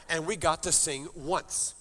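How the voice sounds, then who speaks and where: A man's voice: a little high, sharp tone, a little hiss or hum. An older man leading a university chapel service, telling a story between songs with playful, joking exaggeration. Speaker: chapel musician and worship leader.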